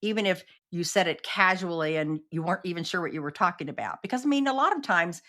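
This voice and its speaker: A woman's voice: fairly low pitch, fast talker. Earnest woman telling her story. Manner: earnest, animated, acts out quoted exchanges. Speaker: podcast guest. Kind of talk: personal storytelling in interview.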